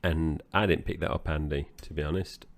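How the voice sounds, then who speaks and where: Male co-host, extremely low voice, easygoing plot recap. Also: fairly even intonation, a little fast, gravelly. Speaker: podcast co-host. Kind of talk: casual film-review chat.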